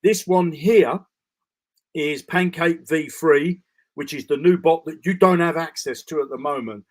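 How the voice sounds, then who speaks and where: Guy doing a live screen-share on a trading bot, kinda high voice, rambly, lots of okays and restarts. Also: moderate pace. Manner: casual, rambling with restarts and fillers. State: tired, yawning. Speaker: crypto trading bot presenter.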